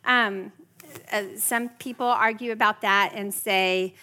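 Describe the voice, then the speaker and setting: A woman's voice: mid-range voice, fairly even intonation, slow, pushed and bright. A middle-aged woman teaching a parenting class in a chatty way, often checking in with her listeners. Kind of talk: workshop teaching to a live group.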